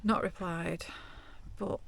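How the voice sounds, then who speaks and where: A woman chats candidly to her phone camera from inside her van, her voice carrying a strong gravelly fry. Her pitch stays quite level and flat as she confides in her viewers. A faint hiss sits under the recording. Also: slow pace. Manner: candid, confessional, chatty. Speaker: vlogger. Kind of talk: casual vlog to camera.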